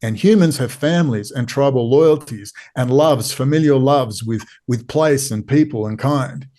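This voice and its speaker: A man's voice: mid-range voice, moderate pace, warm tone. A man with an Australian accent, a podcast guest, talking in an urgent, pleading way and hammering points home through repetition. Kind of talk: impassioned interview talk.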